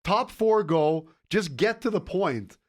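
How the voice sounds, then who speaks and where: Sports podcast guy, kinda high voice, pushes his opinions hard. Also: animated, slow. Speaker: podcast co-host. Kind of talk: casual sports chat.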